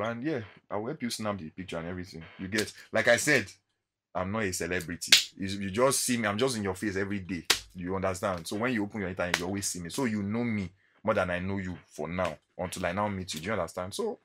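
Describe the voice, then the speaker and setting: A man's voice: fairly low pitch, quick pace, background noise. A man with a Nigerian accent, vlogging in a casual monologue and acting out encounters as he tells them. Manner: animated storytelling, acting out encounters.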